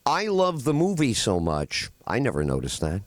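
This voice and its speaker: A man hosting a radio talk show, telling film scenes with animated delivery. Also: mid-range voice, moderate pace, dry recording. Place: radio studio.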